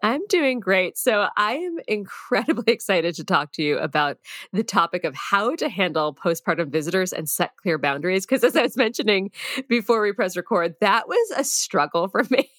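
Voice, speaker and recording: A woman's voice: medium pitch, expressive, moderate pace, a bit bright, no echo. Upbeat woman podcast host, dry sound. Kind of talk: casual podcast interview.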